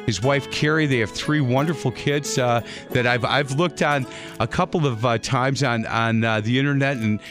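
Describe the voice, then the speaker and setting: A man hosting a radio show, chatting with a guest and telling lively stories. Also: medium pitch, normal speed, faint music behind. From Wisconsin, USA. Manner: chatty storyteller, animated anecdotes. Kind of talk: casual radio interview.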